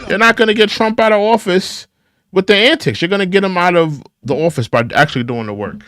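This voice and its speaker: A man's voice: sits high, a little fast, fairly bright tone. A man hosting a political reaction show, scolding the clips he plays and often repeating himself. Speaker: political commentary host. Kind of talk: reaction commentary.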